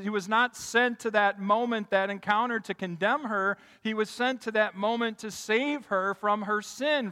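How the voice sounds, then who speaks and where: A man preaching a sermon in a large hall, telling stories with emphatic swells and quiet drops. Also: high-pitched. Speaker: pastor. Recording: long hall reverb.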